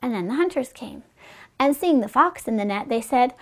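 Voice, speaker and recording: A woman reading fables aloud to children as a storyteller, with gentle, chatty asides to her listeners. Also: high-pitched, expressive, moderate pace.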